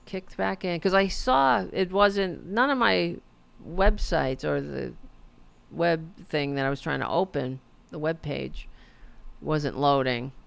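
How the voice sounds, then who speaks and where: A woman's voice: low-pitched, slow, vocal fry. A woman hosting a podcast, giving casual political commentary in a sarcastic, mocking way and swearing freely. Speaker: podcast host.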